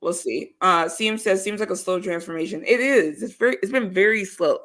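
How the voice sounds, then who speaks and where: Bright-voiced woman co-hosting a podcast. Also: medium pitch, a little fast. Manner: chatty, rambling, reads viewer comments aloud. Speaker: podcast co-host. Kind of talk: casual chat about wrestling.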